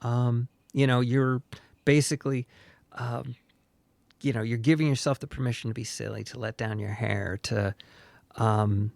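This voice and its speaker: A man's voice: medium pitch, fairly even intonation, unhurried, vocal fry, darkish tone, dry recording. A man co-hosting a friendship podcast, talking casually and rambling with lots of fillers and restarts. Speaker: podcast co-host. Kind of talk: casual chat.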